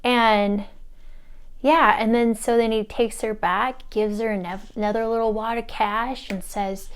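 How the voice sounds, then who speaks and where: A young woman tells a story in a casual, chatty way, with a fairly high and smooth voice. She acts out the quoted lines with big jumps in pitch. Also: steady tone, measured pace. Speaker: spiritual mentor.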